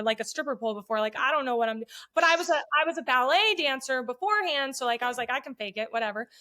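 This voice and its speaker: A middle-aged woman telling a story in casual chat, profane and animated, acting out what people said. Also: high-pitched. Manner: profane, animated, acts out quotes. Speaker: podcast guest.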